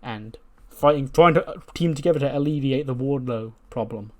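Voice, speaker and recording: A man's voice: medium pitch, normal speed. A man casually narrating a wrestling booking game, chatty and laughing often. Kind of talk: casual let's-play narration.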